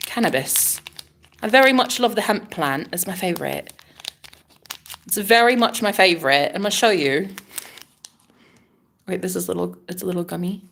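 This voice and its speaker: A woman telling a story to camera in a casual vlog, chatty and dramatic, with frequent swearing, her voice dropping to a hush and then rising loud. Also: lowish voice, expressive, moderate pace, vocal fry, pauses often, a little hiss or hum. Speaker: vlogger.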